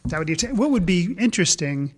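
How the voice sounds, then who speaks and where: A man in casual conversation about a film, animated and quick to laugh, often restarting his sentences. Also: high-pitched. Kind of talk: casual movie discussion.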